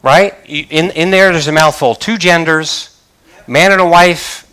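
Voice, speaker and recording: An older male pastor delivers a sermon in a notably high voice. He preaches with emphatic, rising conviction and punctuates points with hallelujahs. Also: a little slow, sharp tone, slight background noise. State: choked up.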